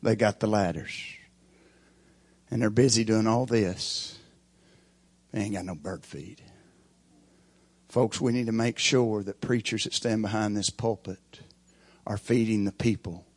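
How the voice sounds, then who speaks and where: A middle-aged preacher giving a sermon with folksy, emphatic storytelling. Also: male voice, on the low side, steady tone, measured pace, dry recording.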